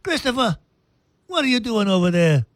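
A man's voice: sits high, big pitch swings, normal speed, dry recording, voice pushed up. A man putting on a brash New York mobster. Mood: blustering. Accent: New York Italian-American put-on. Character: gruff male mobster boss, New York Italian.

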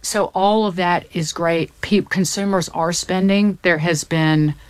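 A woman's voice: on the low side, steady tone, a little slow, smooth, dry recording. A woman from the Southern United States explaining the economy in casual chat, packed with figures, often restarting mid-sentence. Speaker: economics commentator.

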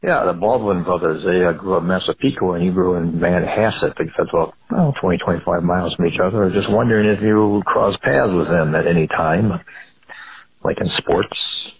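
A man from Wisconsin calls in to a radio show with a hesitant, friendly question. His low voice is gravelly with fry. The line is muffled and dull. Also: brisk. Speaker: caller. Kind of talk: phone-in question.

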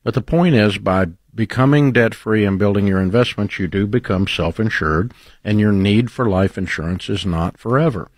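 A man's voice: on the low side, moderate pace, no echo, studio quality. A man hosting a call-in advice radio show, questioning callers bluntly with teasing humor. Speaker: radio talk show host.

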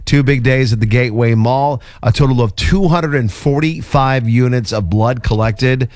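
A man's voice: medium pitch, normal speed, no echo. Upbeat male radio host. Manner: announcer-like, reads shout-outs and plugs. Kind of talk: upbeat morning radio segment. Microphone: studio microphone.

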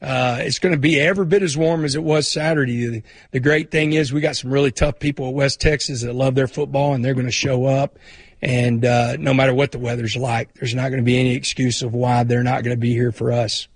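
A man, a football coach, speaking earnestly at a press conference with some halting fillers. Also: mid-range voice, fairly even intonation, slightly rough, no room sound.

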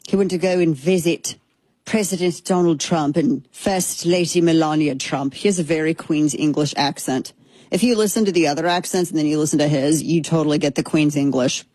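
A woman talks through political news in a loose, conversational way, doubling back on herself and adding wry asides. Her voice is slightly husky, recorded close and dry with no room sound. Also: sits low, darkish tone, dry recording. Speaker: political commentary host. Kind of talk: casual political commentary.

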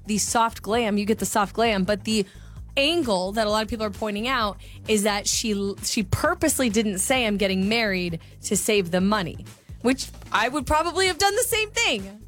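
A woman's voice: mid-range voice, lively intonation, a bit bright, faint music behind. A woman co-hosting a radio show, casually chatting and reading texts from a story aloud. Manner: chatty, reads texts aloud, quick laughs. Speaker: radio co-host. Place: radio studio.

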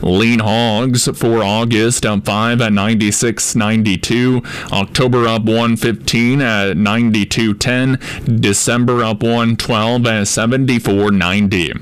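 A man reads out commodity market prices on the radio, moving at a rapid, steady clip. His voice is smooth and clear. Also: lowish voice. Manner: rapid steady number reading. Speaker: farm markets reporter.

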